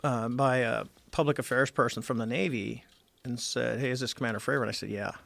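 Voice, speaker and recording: A man's voice: medium pitch, steady tone, fast talker, creaky, a bit bright, no room sound. A middle-aged man, a former Navy squadron commander, telling a story as a podcast guest and acting out the dialogue as he goes. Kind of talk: casual storytelling interview.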